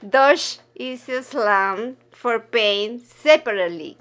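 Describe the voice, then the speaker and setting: Woman diner, slightly high, slow and careful line reads. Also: animated, a bit bright, clean tone. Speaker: diner in lesson skit.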